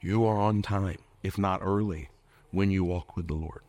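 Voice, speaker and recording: Deep, a little mellow, and fairly even, this pastor's voice moves at a moderate pace on a dry recording. He preaches a sermon packed with questions for the crowd and playful, mimicking jokes.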